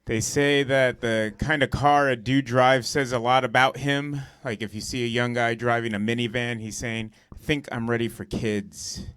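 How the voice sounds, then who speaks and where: A man's voice: medium pitch, steady tone, moderate pace, few pauses, fairly bright tone, clear, resonant tone, no room sound, clean studio sound. Profane young man doing stand-up. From Southern California. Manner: profane, conversational storytelling with lots of "like" and "dude". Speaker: stand-up comedian. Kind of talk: stand-up comedy set. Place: comedy club stage.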